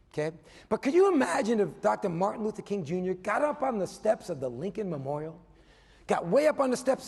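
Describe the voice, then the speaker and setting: A man giving a motivational keynote as a business coach, animated, swinging between loud emphasis and hushed asides, often tagging points with "okay?". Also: sits high, creaky, breathy edge. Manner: tags points with a questioning "okay?". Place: conference hall before a live audience. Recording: long reverb of a large hall.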